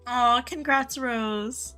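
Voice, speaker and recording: A woman's voice: fairly high pitch, extremely slow, sharp tone, soft background music. A young woman live-streaming a game, chatting casually with viewers, greeting them by name and gushing over cute things.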